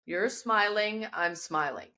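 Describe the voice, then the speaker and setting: A woman imitating an elderly male yoga guru who speaks in clipped, broken phrases, gruff but tender. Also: mid-range voice, slow pace, bright, forceful tone, pitched above the performer's own voice. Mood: gentle.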